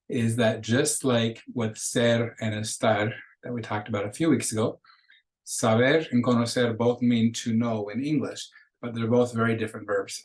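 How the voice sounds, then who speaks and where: Man teaching with a very flat delivery. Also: fairly low pitch, poor audio. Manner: explanatory, patient, switches between English and Spanish examples. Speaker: Spanish teacher. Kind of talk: recorded lecture over slides.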